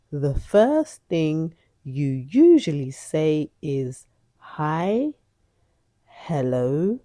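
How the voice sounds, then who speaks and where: A woman's voice: sits low, dark tone, no echo. A woman teaching an English lesson for learners, speaking in a patient, instructive way.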